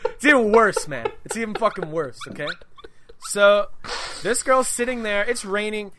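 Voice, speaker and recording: A man hosting a podcast, telling a story in casual chat, animated and swearing freely. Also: high voice, normal speed, background noise. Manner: animated, swearing, laughs through his story. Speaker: podcast host.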